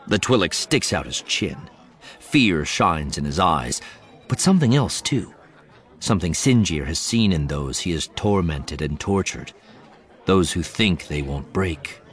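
A man's voice: rumbling low, lively intonation, measured pace. A man reading a novel aloud as audiobook narrator, with dramatic storytelling. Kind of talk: scripted narration.

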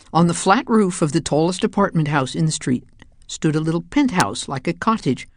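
Low-voiced woman reading a children's story. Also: darkish tone, dry recording, clean studio sound. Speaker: narrator. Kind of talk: audiobook narration.

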